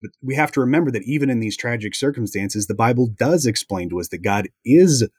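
A man in a conversational Bible discussion, explaining in a measured way. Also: medium pitch, animated, a little mellow, husky, no room sound, clean studio sound. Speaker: Bible teacher.

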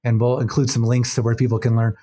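A man hosting a podcast, asking measured, halting questions and wrapping up the interview. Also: mid-range voice, flat delivery, mellow. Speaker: podcast host.

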